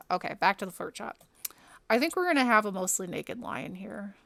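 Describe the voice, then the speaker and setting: A woman playing a game and talking it through casually, muttering to herself and breaking into quick exclamations. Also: mid-range voice, big pitch swings, gravelly, fairly bright tone, no room sound. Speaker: game streamer. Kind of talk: casual commentary while playing.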